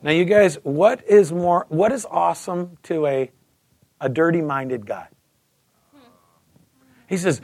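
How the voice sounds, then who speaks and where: A husky, high-voiced man in his fifties delivers a testimony sermon. He tells his story with animation, stumbling over repeated words and switching into other voices. The sound is dry and close. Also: expressive, unhurried, no echo. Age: 50s. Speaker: preacher giving testimony.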